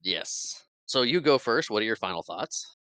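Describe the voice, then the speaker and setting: A man's voice: fairly low pitch, normal speed, no room sound, poor audio. Chatty man recapping a film. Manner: chatty, animated retelling with acted quotes. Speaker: podcast co-host.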